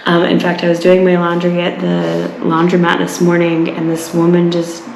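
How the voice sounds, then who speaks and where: A woman's voice: lowish voice, completely flat delivery, moderate pace, gravelly, a little mellow, roomy sound, a little hiss or hum, poor audio. A woman from Utah talking casually while out on a walk, rambling with lots of fillers and restarts. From Utah, USA. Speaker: travel vlogger. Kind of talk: casual walking vlog. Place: outdoors on a walk.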